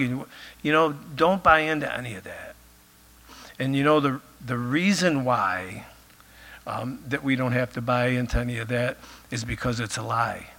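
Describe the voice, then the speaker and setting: Bright-voiced pastor losing his voice. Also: mid-range voice, moderate pace. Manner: conversational, many filler phrases. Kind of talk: sermon.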